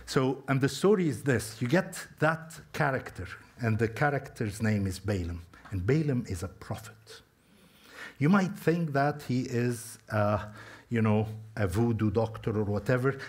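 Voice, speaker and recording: Slow, conversational male preacher. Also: mid-range voice, animated, breathy edge. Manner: storytelling, talks to listeners directly. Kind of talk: conversational sermon.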